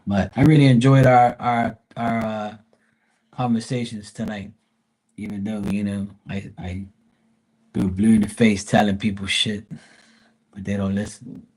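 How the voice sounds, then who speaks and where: Husky low-voiced man chatting on a live stream. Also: flat delivery, a little slow, long pauses, darkish tone, rough recording. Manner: rambling, swears freely. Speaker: live tarot reader. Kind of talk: casual live-stream chat. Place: at home.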